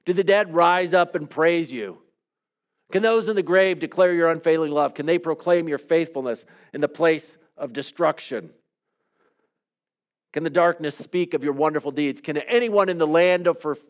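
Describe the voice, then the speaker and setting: A man leading a devotional, praying aloud in an earnest, pleading way with soft, hushed trailing endings, then teaching calmly. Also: on the high side, moderate pace. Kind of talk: reflective spoken prayer and teaching.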